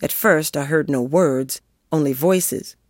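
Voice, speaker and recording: A woman reading a first-person story aloud with a lively, expressive delivery. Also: low voice, slow, no echo, clean studio sound. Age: adult. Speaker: narrator.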